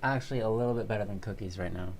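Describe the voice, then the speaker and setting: A woman from Brazil co-hosting a livestream in casual chat, with a dry, teasing, unhurried way of talking. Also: rumbling low, darkish tone, a little hiss or hum. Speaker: livestream co-host.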